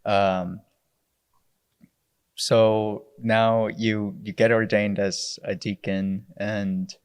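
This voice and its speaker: A man with a somewhat low voice hosts a casual interview. He asks relaxed questions and answers his guest with quick, encouraging reactions. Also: clear, resonant tone. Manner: short encouraging reactions, laid-back questions. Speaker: podcast host.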